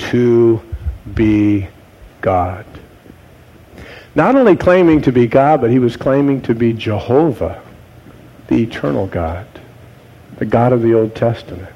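A man preaching a sermon, posing rhetorical questions to his congregation and dropping to low, quiet tones for emphasis. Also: a little slow, pauses often, low-quality recording. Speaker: pastor.

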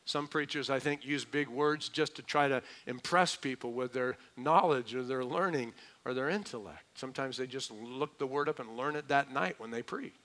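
A man's voice: mid-range voice, moderate pace, few pauses, fairly bright tone. A middle-aged man preaching a verse-by-verse sermon as pastor, conversational with joking asides. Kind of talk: expository sermon.

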